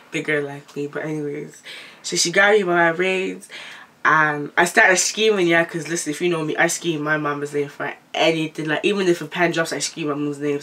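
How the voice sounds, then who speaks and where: A young woman telling a story in a casual vlog, animated and profane, acting out the people in high voices. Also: recorded from a distance.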